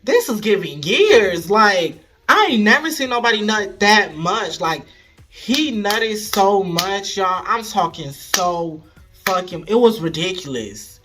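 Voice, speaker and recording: A man telling a frank, animated story straight to his viewers, casual vlog style, recorded at home. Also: high-pitched, slow, music in the background. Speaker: storyteller vlogger.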